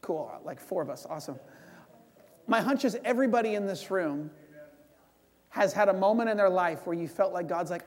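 High-voiced preacher in a reverberant hall. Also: male voice, expressive, moderate pace, pauses often. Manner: conversational, leads prayer, acts out dialogue. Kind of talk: sermon.

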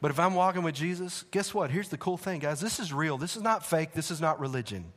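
A male pastor, preaching a sermon in a church with animated, conversational asides. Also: fairly high pitch, fairly quick. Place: church sanctuary. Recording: long hall reverb.

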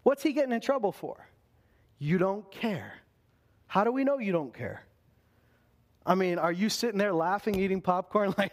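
A man's voice: moderate pace, pauses often. A man preaching a sermon, talking straight to his listeners and jumping into panicked voices when he acts out a scene. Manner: animated, acts out panicked voices with big pitch swings. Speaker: pastor.

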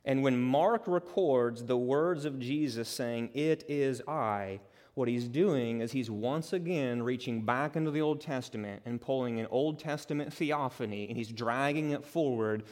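Preacher in an echoing hall. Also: male voice, medium pitch. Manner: conversational, dramatic, builds to loud emphatic peaks. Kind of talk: expository sermon. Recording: long reverb of a large hall.

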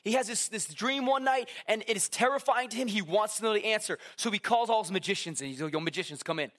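A man preaching a casual sermon, talking to the crowd like a friend, with quick asides and acted-out quotes. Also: high-pitched, fairly bright tone. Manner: conversational, acts out quotes, many asides.

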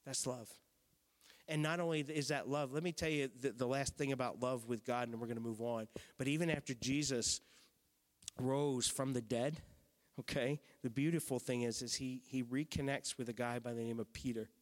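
Pastor guy preaching, chatty then goes quiet and intense, long hall echo. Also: mid-range voice, fairly even intonation, moderate pace. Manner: conversational, emphatic, drops to hushed intensity. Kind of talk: sermon. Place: church sanctuary.

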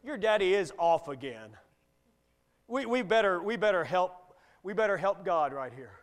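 A male preacher voicing the scheming mother Rebekah in a hushed, folksy way. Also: sits high, very animated, normal speed, pitched below the performer's own voice. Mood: conspiring.

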